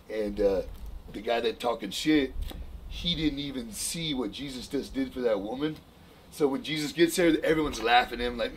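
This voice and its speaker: Casual male storyteller, slangy, animated, average pitch. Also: normal speed, slight background noise, rough recording. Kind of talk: casual chat.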